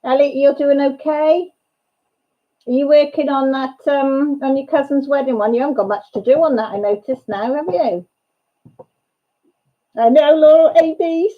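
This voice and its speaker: A woman hosting a casual chat livestream, excitable, laughing and greeting viewers by name. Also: sits high, moderate pace, long pauses. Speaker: livestream host. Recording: dull lo-fi livestream sound.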